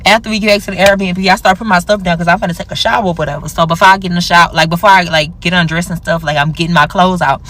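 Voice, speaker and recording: Young woman, casual storytime, animated, jumps into high squeals for quotes. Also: very fast, hardly any pauses, slight background noise. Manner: animated, acts out quoted dialogue with big pitch jumps.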